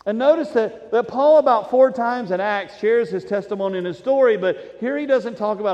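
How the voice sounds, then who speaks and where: A man preaching a sermon as pastor, animated and swinging between soft asides and loud emphasis. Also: high-pitched, a little fast. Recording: dull sound with long hall reverb.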